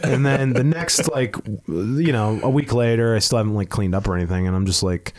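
A man spins a long, rambling story in casual chat, stumbling over restarts and swearing freely. His voice sits at a middling pitch for a man, and he breaks into laughter as he goes. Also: fairly quick, crowd noise. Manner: rambling, profane, stammering restarts, laughs mid-sentence. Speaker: comedian telling a story on a podcast.

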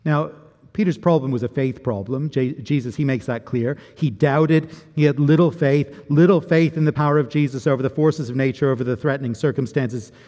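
A man's voice: medium pitch, fairly even intonation, fairly quick, warm tone. A man preaching a sermon in an earnest, reflective way, often repeating words as he builds his point. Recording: long reverb of a large hall.

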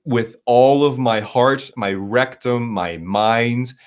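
A man's voice: medium pitch, takes it slowly. A man in casual podcast chat, rambling and emphatic, swearing a lot with frequent restarts.

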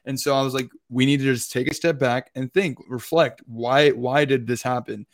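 A young male podcast co-host recounting a trip in a casual, meandering way, full of filler words. His voice sits at an ordinary middle pitch. He comes across as chatty and loose rather than polished. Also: fairly even intonation, moderate pace. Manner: rambling, heavy use of filler words. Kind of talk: casual storytelling.

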